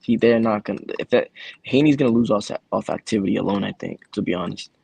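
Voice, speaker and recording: Gravelly husky guy on a panel, blunt. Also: on the low side, quick pace, darkish tone, no room sound. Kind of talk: casual panel chat.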